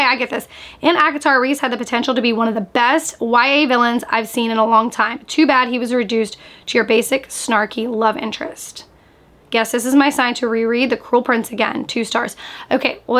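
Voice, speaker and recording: A woman book vlogger in casual reaction chat, animated and chatty, sprinkling "like" through her talk. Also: on the high side. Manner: chatty, animated, frequent "like" fillers.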